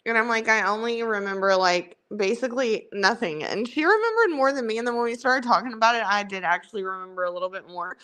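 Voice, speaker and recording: A woman's voice: a little high, animated, fast talker, few pauses, a bit bright, clean tone. A woman with a Southern US country accent, hosting a livestream in chatty, rambling, self-mocking casual talk. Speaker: livestream host. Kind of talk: casual chat.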